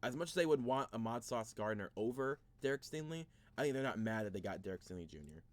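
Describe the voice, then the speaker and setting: A man's voice: mid-range voice, animated, fast, no room sound. A man hosting a casual sports video, thinking aloud through a mock draft, rambling and easily frustrated, with many restarts.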